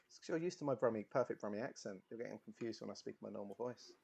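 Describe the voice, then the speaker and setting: A man's voice: lowish voice, fast, vocal fry, a little mellow, slightly rough. A man running and narrating an improvised comedy role-play game, chatty and laughing easily.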